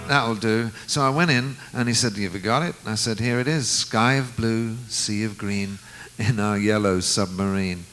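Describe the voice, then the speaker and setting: A man in his seventies, a guest musician, telling an anecdote in an unhurried way and acting out the quoted dialogue. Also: on the low side, fairly bright tone, slight background noise, poor audio. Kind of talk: anecdotal storytelling.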